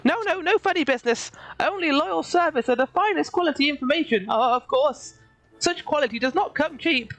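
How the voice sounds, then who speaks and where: A squeaky little catfish creature, a shifty male informant who grovels and wheedles in a high, sing-song voice, as a woman reads it aloud from a game. He twists his sentences backwards and leaps all over his pitch. Soft game music plays behind. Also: expressive, a little fast, no room sound, rough recording. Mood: fawning. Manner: pleading, obsequious, backwards-worded speech. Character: shifty, fawning male catfish-folk informant, small and nervous.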